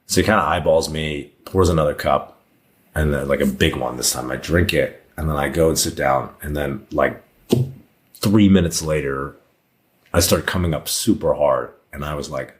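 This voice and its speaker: A man in his thirties, appearing as a podcast guest, tells a personal story in casual conversation, candid and rambling with many fillers and restarts. He speaks in a bass voice at a moderate pace.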